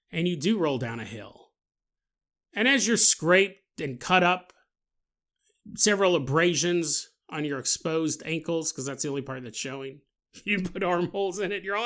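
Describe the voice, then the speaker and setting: A man's voice: high voice, a bit bright. A man hosting a podcast, riffing through a comedic monologue and laughing often as he acts out silly scenes. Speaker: podcast host.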